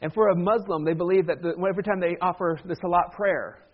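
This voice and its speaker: Man preaching a sermon, conversational, joking asides, somewhat high voice, slightly muffled recording. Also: steady tone, quick pace. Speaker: pastor.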